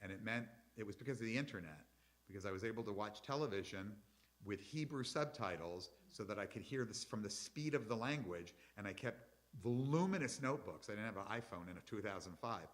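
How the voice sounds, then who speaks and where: A man's voice: fairly low pitch, lively intonation, fairly quick. A middle-aged man, a rabbi, giving a chatty, explanatory lecture to his congregation and taking questions from the audience.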